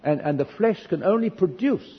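The voice is a man's, sitting high, slightly rough, and animated at a normal speed. He's in a church hall giving a sermon of earnest personal anecdotes, self-deprecating and wryly funny. The recording is echoey and dull, with a faint hiss.

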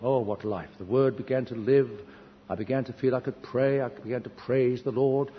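This is a storytelling sermon from a man whose mid-range voice holds a steady tone at a normal speed. Preaching in a church hall, he recounts his own experiences earnestly, poking fun at himself with dry wit. Faint hiss sits under a dull, echoey recording.

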